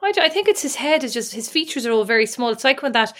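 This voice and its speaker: A woman's voice: fairly high pitch, animated, quick pace, fairly bright tone. An Irish woman co-hosting a podcast in casual chat, teasing and rambling as she talks. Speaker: podcast co-host.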